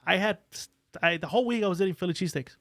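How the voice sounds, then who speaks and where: A man's voice: sits high, rapid-fire, vocal fry, a bit bright, no echo, studio quality. A man telling profane stories in casual podcast chat, acting out what people said. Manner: profane storytelling, acts out quotes. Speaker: guest.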